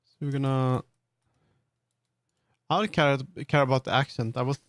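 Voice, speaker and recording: A man's voice: mid-range voice, steady tone, normal speed, no echo, clean studio sound. A man with a Swedish accent, streaming and chatting casually as he builds in 3D, rambling with many fillers and restarts. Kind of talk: casual live-stream commentary while working in 3D.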